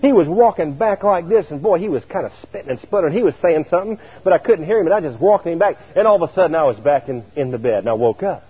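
A man preaching a sermon, telling a story in an animated way and chuckling now and then. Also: a little high, fast, few pauses, breathy edge. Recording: tinny radio broadcast.

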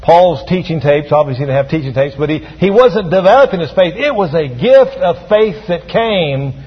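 A male pastor preaches a sermon, calling on his congregation to repeat his words back. His voice is fairly high and a little husky. The sound is dull and rings with a long church-hall echo. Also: lively intonation, normal speed. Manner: preaching with call-and-response to the congregation. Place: church sanctuary.

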